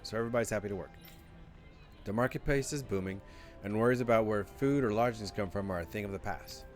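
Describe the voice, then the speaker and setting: A man's voice: on the low side, fast, soft background music, close to an everyday voice. A man voicing a cheerful townsperson who proudly praises the city's reforms, reading game dialogue aloud with small stumbles over the text. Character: cheerful townsperson bragging about a reformed slave city.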